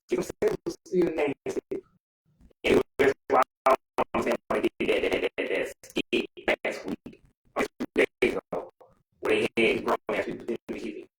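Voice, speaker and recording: In an echoey room with faint noise, a man with a medium-pitched voice and vocal fry rants bluntly and profanely in casual chat.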